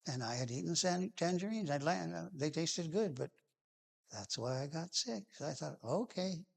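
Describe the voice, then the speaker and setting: A man telling a personal memory behind a song, halting and restarting, with phrases that trail off softly. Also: fairly high pitch, animated, creaky. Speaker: singer-songwriter telling a song's background. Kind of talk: personal reminiscence.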